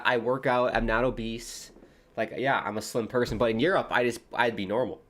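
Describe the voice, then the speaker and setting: A man from the United States hosts a live football watchalong, his fairly low, slightly bright voice offering casual commentary. He's chatty and rambling, jumping between match calls and drifting into tangents and side chats.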